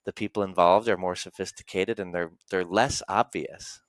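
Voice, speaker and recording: A man's voice: deep voice, fairly even intonation, moderate pace, no room sound. A man hosting an interview, chatting casually and with enthusiasm. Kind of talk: conversational interview.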